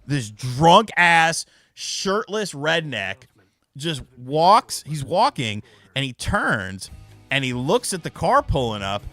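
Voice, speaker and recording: A young man chatting casually on a live stream, his voice bright and animated as he rambles through a story. He swears freely and talks loosely, with faint music playing behind him. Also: a little high, takes it slowly, dry recording.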